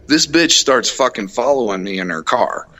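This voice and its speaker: Bright-voiced man telling a profane story. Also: mid-range voice, expressive, moderate pace. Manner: profane, heated retelling, acts out shouted quotes. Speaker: podcast host. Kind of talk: casual storytelling chat.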